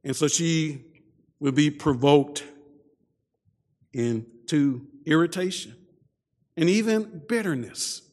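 Slow, high-voiced male preacher. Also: big-room sound. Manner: repeats words at starts, soft dramatic drops. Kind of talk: sermon.

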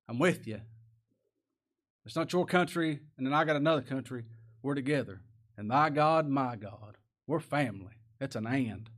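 A man's voice: medium pitch, moderate pace, fairly bright tone. A man preaching a sermon, folksy and plain-spoken, asking the congregation rhetorical questions and reading scripture aloud. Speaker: pastor.

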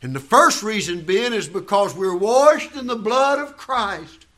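A male pastor delivering a sermon, his voice high and bright. He preaches with fervor, swelling to shouted declarations. His phrasing is country and heartfelt. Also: animated, a little slow. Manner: fervent, builds to shouting.

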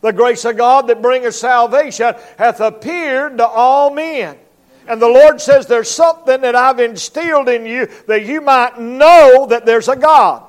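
A man preaching a revival sermon as an evangelist in a church, emphatic and animated, acting out voices as he goes. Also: extremely high pitch. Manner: emphatic preaching, acts out voices and barking dog.

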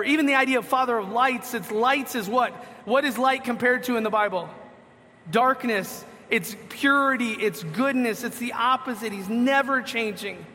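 High bright-voiced man preaching a sermon. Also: normal speed, long reverb tail. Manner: asks the listeners questions and answers them; reads scripture aloud. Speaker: pastor.

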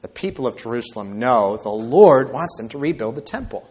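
A man's voice: medium pitch, lively intonation, brisk, few pauses, darkish tone. Man preaching conversationally with tag questions. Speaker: pastor. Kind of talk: sermon with Bible reading.

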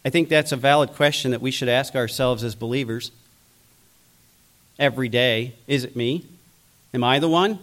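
A man's voice: medium pitch, moderate pace, long pauses, a bit bright. A man preaching a sermon, acting out biblical figures' voices as he goes. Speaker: pastor.

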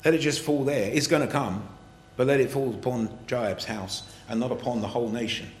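A man's voice: medium pitch, brisk, darkish tone, echoey room, slight background noise. A man preaching a sermon to his congregation, earnest and building to emphatic passages as he reads and explains scripture. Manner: earnest, rising to emphatic, reads scripture in King James wording.

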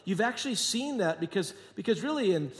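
A man's voice: high voice, expressive, a little fast. Sarcastic preaching man in a reverberant hall. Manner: jokey, sarcastic storytelling with acted-out quotes; swings between quiet asides and emphatic preaching. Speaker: pastor. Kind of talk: sermon.

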